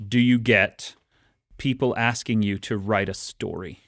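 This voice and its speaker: A man co-hosting a podcast as an author, telling stories in an animated way and laughing easily. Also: on the low side, normal speed, dry recording, studio quality. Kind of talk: casual chat.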